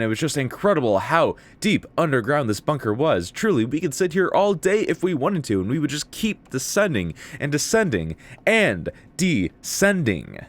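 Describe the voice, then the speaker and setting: A young man streaming a visual novel, chatting playfully in slang and reading the game's text aloud. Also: mid-range voice. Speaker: game streamer. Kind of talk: casual let's-play chat, reading game text aloud. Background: faint game music.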